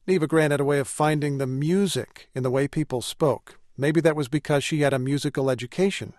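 A man hosting a radio news program, reading a scripted farewell segment in a measured, even delivery. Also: on the high side. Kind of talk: scripted broadcast narration. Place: radio studio. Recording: dry studio sound with music bed.

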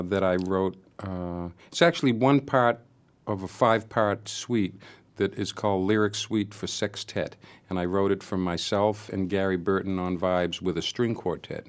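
An older man with a Boston accent and a slightly low voice. He talks as a guest in a relaxed conversation, often restarting his sentences and filling with "uh" as he thinks. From Massachusetts, US. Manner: halting, many restarts and fillers. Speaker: interview guest, jazz pianist. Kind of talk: casual conversation.

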